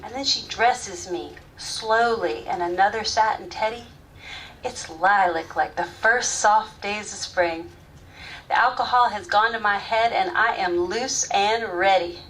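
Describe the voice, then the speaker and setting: A woman's voice: mid-range voice, a little slow, lightly acted. A woman playing a frank woman recalling first love. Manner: candid storytelling, shifting soft and loud. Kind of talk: live stage monologue. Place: theater stage, live audience. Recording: distant stage mic, faint room noise.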